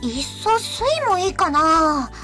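A woman's voice: big pitch swings, full character voice. Bubbly anime schoolgirl. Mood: musing. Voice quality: high, bright and quick. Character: young female anime schoolgirl, bubbly and sweet. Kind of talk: Japanese game voice acting. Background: faint game music.

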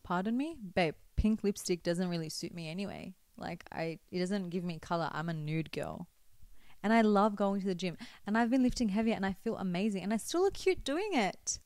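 A young woman talking to camera in a chatty, expressive way, giving faith-based advice with teasing asides to her viewers. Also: mid-range voice, moderate pace, no room sound. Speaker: vlogger.

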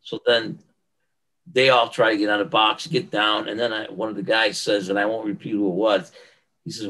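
An older man, a guest on a podcast, telling stories in a casual interview. He is animated and emphatic, and he often repeats himself for effect. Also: fairly low pitch, normal speed, low-quality recording. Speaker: guest, retired bodybuilder. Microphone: podcast microphone.

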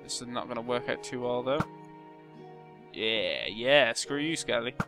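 A young man giving casual gameplay commentary, muttering to himself and breaking into loud, excitable shouts. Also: mid-range voice, a little slow, over music. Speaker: gaming channel host.

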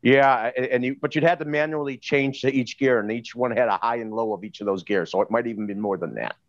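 A man of middle pitch chatting casually and rambling through stories, often restarting his sentences. His voice sounds dull and muffled, and the recording is dry, with no room echo. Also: fast. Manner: rambling, restarts and loose anecdotes. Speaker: co-host on a live stream. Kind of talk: casual chat.

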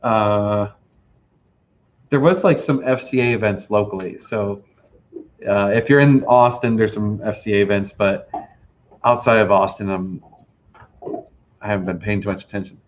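A man's voice: lowish voice, normal speed, long pauses, a little hiss or hum. A man, hosting a casual livestream chat and rambling with lots of fillers. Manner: relaxed, rambling with many fillers. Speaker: host. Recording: slightly dull lo-fi audio.

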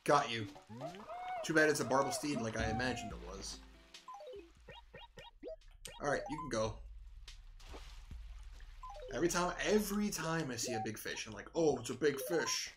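A young man casually talking to himself while playing a video game, rambling and relaxed, now and then yawning, at a home desk mic. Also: mid-range voice, moderate pace, long pauses. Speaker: gaming video creator. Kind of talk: casual gameplay commentary. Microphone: desk microphone at home. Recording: faint game music behind.

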